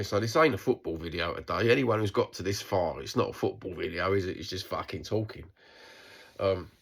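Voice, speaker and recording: A middle-aged man with a broad Cockney accent talks straight to camera in a rambling, unscripted video diary. His voice sits very low and has a husky, rough grain. He swears freely and keeps restarting his sentences. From East London, England. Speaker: vlogger.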